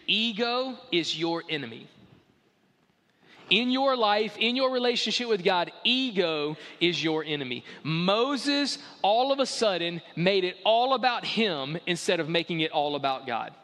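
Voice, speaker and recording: High, bright-voiced man preaching. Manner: conversational, emphatic, repeating "like". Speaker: pastor. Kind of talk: sermon. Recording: echoey hall.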